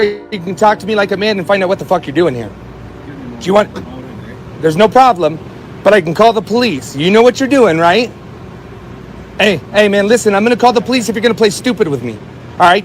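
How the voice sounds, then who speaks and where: A man with a high voice barks demands and taunts in an aggressive, mocking way. He is outside by a car. Faint street noise surrounds him. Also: animated, quick pace. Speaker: confronter in street footage. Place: outdoors beside a car.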